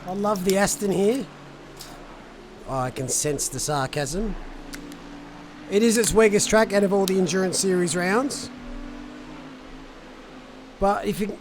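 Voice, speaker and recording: Man, high voice, relaxed race commentary, chatty with viewers. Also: measured pace, long pauses, noisy background. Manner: chatty, reads out and answers viewer chat. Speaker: sim racing stream commentator. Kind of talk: casual live race commentary.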